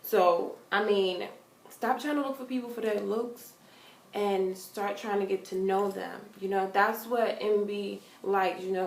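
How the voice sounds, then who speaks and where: A young woman vlogging casual advice to her viewers, earnest and big-sisterly, getting animated when she tells stories. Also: mid-range voice, vocal fry. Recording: echoey room.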